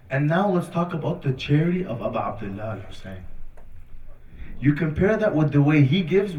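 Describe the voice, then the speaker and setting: A man giving a sermon at a community center, earnestly retelling stories with quoted dialogue. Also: fairly high pitch. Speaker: religious speaker. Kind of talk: sermon storytelling. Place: community center prayer hall. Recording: distant, echoey, muffled hall recording.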